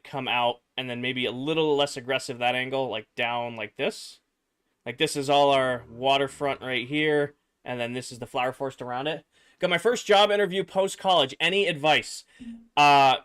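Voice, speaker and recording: A man's voice: on the high side, clear, resonant tone. A young man, tired after work, chatting casually on a livestream and answering viewers while he builds. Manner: relaxed, chatty, reads chat aloud and mutters while building. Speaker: streamer.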